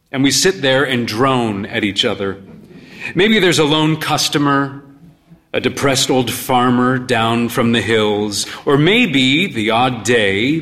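Slow, world-weary storyteller, man. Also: mid-range voice, a bit bright. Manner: dry, world-weary, unhurried. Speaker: narrator, pub owner. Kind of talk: storytelling reading.

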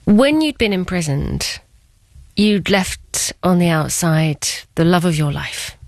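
A woman's voice: fairly low pitch, big pitch swings, takes it slowly, no echo. Woman asking direct interview questions.

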